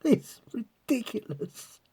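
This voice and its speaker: Slow and warm-toned, this man vlogs as a coin collector. He talks casually to viewers, rambles while squinting through a magnifier, and keeps bursting into giggles.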